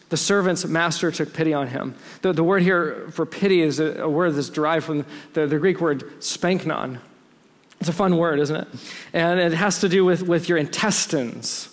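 A man's voice: fairly high pitch, big-room sound. A man preaching a sermon in a conversational, explanatory way with frequent asides. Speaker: pastor.

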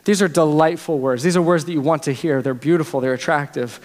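High pitched guy preaching, earnest and conversational, lots of restarts, big echoey church. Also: fast, darkish tone. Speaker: pastor. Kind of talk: sermon. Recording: long reverb of a large hall.

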